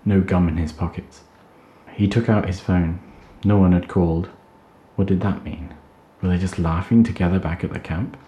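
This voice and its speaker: Deep-voiced man reading a story. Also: steady tone, normal speed, mellow, dull audio. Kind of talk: reading fiction aloud. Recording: roomy echo.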